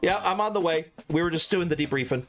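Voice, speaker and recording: Relaxed man streaming a game, drawling. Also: a little high, quick pace, music in the background. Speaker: streamer playing a military sim game. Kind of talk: casual gaming chat with squad.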